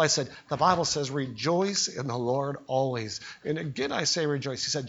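Older storytelling preacher, bright voice. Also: male voice, on the high side, animated, brisk, hardly any pauses, dull audio. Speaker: pastor. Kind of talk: sermon.

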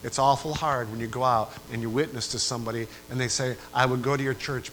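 A man's voice: mid-range voice, fairly even intonation, fast, few pauses, poor audio. Man preaching a dramatic sermon. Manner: preaching with big swings between quiet asides and loud rising climaxes; asks the congregation repeated questions.

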